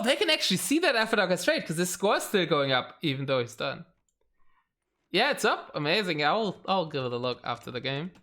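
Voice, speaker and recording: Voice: medium pitch, bright, forceful tone. A game stream caster giving casual live commentary, thinking aloud and reacting to the play at a desk mic.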